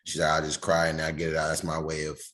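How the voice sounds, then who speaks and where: A man's voice: a bass voice, monotone, fast talker, fairly bright tone. A man co-hosting a casual podcast, retelling conversations and quoting what others told him. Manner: storytelling, relays friends' words in quoted dialogue. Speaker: podcast co-host.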